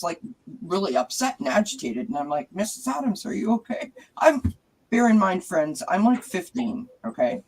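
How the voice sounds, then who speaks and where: Man, talk show host, breathy voice, animated storyteller. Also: a little high, poor audio. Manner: lively anecdotal storytelling. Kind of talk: casual chat.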